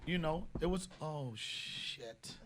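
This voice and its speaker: A man hosting a comedy podcast, telling stories in a casual, profane way and bursting into loud shouted bits. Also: on the high side, lively intonation, slow, slight background noise.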